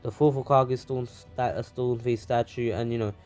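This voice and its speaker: A man's voice: medium pitch, fairly even intonation, normal speed, a little mellow, faint music behind. A man casually narrating a fan story, rambling with many fillers.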